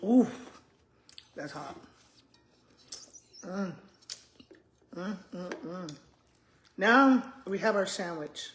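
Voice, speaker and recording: A woman's voice: fairly low pitch, lively intonation, very slow, long pauses, noisy background. A woman, a retired school principal chatting casually to viewers while eating, often humming and murmuring between bites. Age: 60s. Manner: chatty, addresses viewers as y'all, hums and murmurs while chewing.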